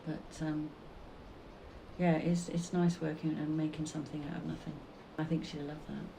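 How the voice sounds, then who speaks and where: A middle-aged British woman, the artist's mother, reminiscing fondly in a relaxed conversation, halting and restarting as she reflects. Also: low-pitched, gravelly, a little hiss or hum. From Britain.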